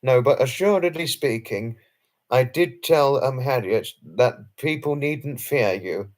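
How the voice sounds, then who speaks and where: A man with a medium-pitched, somewhat dark voice speaks a little slowly while hosting a late-night live stream and responding to chat messages from viewers. His manner is effusive, formal and earnest, and he often repeats himself and apologizes.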